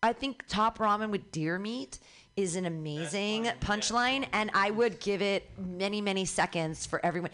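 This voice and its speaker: A woman's voice: mid-range voice, moderate pace, a bit bright. A woman hosting a comedy workshop, giving a comic enthusiastic notes on her jokes and swearing freely. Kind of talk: casual feedback chat.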